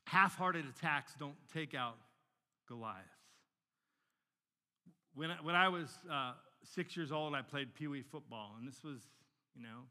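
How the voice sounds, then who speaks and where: A man's voice: medium pitch, pushed and bright, long reverb tail. A pastor in his forties, telling stories animatedly in a sermon and often repeating words as he restarts a sentence. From Northern Virginia, United States.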